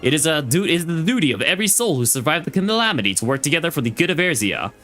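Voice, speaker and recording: A man's voice: fairly high pitch, sing-song, racing, bright, forceful tone, faint music behind. A man reading a stern female fleet admiral's dialogue aloud from a game, stumbling over names and lines as he goes. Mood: solemn.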